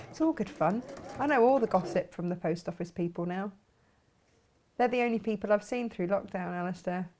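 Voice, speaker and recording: A woman's voice: mid-range voice, animated, a little slow, long pauses, a little mellow, slight background noise. A woman hosting a casual craft live stream, chatting with a guest and reading out viewer comments with frequent laughter. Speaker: craft show host.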